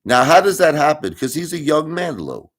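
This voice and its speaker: A man's voice: on the high side, big pitch swings, moderate pace. A middle-aged man streaming live, speaking in an insinuating, rhetorical way and repeating his points. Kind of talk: livestream commentary.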